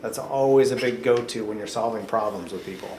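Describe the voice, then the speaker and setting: A man's voice: fairly low pitch, a little fast, a little mellow, slight background noise. A man coaching job seekers in a casual, joking way, giving patient advice during a mock interview. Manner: upbeat, joking, explains patiently. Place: coffee shop, indoors. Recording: echoey coffee shop room.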